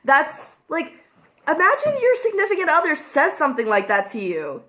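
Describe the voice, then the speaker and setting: A woman's voice: high-pitched, sing-song, moderate pace, sharp tone. A young woman vlogger talking candidly and emotionally to camera, full of "like" fillers. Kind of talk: casual confessional vlog while eating.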